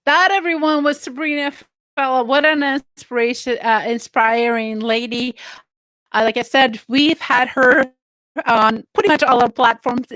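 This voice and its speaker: A woman's voice: high-pitched, fairly even intonation, unhurried, fairly bright tone, no echo, clean studio sound. A woman hosting a casual online interview show, chatty and effusive with lots of fillers. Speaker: host.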